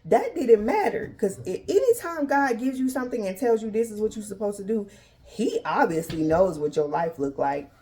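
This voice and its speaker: A woman's voice: medium pitch, expressive, moderate pace, dark tone. A woman in her thirties hosting a faith-based talk, casually addressing listeners as y'all and acting out dialogue with God and others. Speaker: podcast host.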